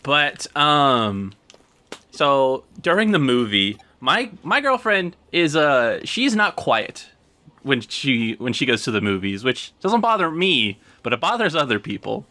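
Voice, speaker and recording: Bright-voiced young man telling stories. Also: medium pitch, sing-song, measured pace. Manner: rambling storyteller, lots of fillers and laughs. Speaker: gaming channel host. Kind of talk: casual chat while playing a game.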